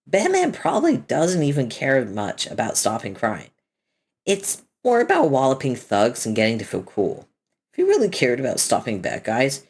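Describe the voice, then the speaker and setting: Very low, husky woman reading a comic. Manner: animated, switches between character voices; adds casual commentary between dialogue. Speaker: reader of a webcomic. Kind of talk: reading a comic aloud, voicing each character.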